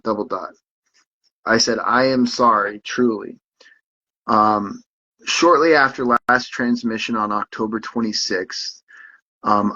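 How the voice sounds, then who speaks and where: A man hosting a podcast in a casual monologue, reading out messages in a halting way and often repeating words as he restarts. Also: medium pitch, a bit bright. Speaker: podcast host. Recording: dull lo-fi sound.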